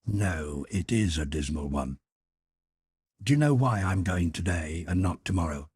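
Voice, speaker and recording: A man voicing an emotional young noblewoman, breathy and pleading, in an audiobook. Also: deep voice, unhurried, dry recording, clean studio sound, exaggerated voice. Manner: lifted, pleading, excitable delivery. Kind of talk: audiobook character voice.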